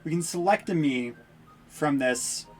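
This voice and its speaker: A woman's voice: low voice, lively intonation, a little slow, soft background music. A woman streaming a video game, making wry, sarcastic asides as she plays. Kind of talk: casual game commentary.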